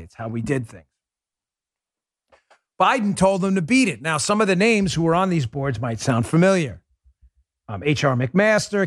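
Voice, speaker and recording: A man's voice: fairly high pitch, no room sound, clean studio sound. Sarcastic man hosting a commentary show. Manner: sarcastic, emphatic, talks straight to listeners. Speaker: show host.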